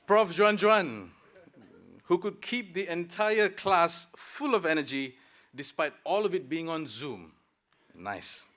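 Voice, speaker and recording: Speaking slowly in a fairly bright, slightly high voice, a Malaysian student addresses his fellow graduates at a convocation ceremony in a hall. His delivery is animated, and the speech is reflective with touches of humor.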